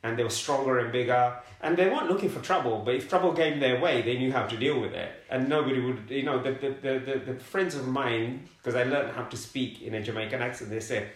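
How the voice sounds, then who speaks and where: A middle-aged man from London recalls his life in a relaxed interview. He speaks in a halting way, often repeating a word before going on. His voice sits at a middle pitch, and the room around him gives it a roomy echo. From London, England. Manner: halting, repeats words while searching for them. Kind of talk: conversational life story.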